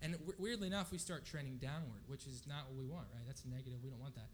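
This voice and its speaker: A man's voice: medium pitch, fast talker, a little hiss or hum. A man preaching a sermon in a casual, conversational way, often checking in with the audience. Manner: casual, conversational, frequent "right?" asides.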